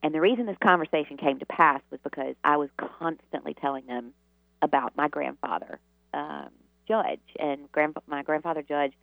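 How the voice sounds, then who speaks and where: A woman's voice: deep voice, normal speed, creaky, no room sound. A woman from the Southern United States, a guest telling long, rambling stories with many fillers and restarts. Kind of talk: storytelling interview answers. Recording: tinny phone line.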